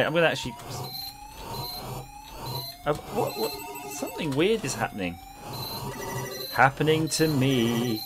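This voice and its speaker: A man's voice: medium pitch, very animated, measured pace, long pauses, a bit bright. A man streaming retro games, chatting casually and rambling jokily with viewers while he plays, over a noisy background hum. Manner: jokey, rambling, chats with viewers. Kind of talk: casual livestream chat while gaming.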